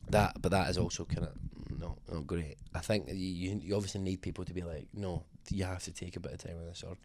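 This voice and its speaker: A man's voice: low-pitched, fairly even intonation, fast talker, noisy background. A man being interviewed as a singer, talking casually in a rambling, self-deprecating way with many fillers and restarts.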